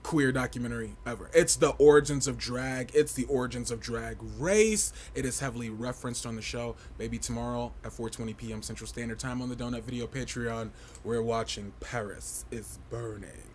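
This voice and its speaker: A man's voice: normal speed, a little hiss or hum. Campy, sassy male livestream host. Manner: campy, playful and animated, with big swoops in pitch; sassy and outspoken. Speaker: livestream host of a fashion review show. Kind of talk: casual livestream chat.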